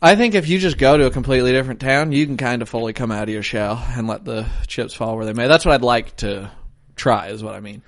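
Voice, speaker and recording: A man's voice: mid-range voice, fast. Profane rambling podcast guy. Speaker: podcast co-host. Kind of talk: casual chat.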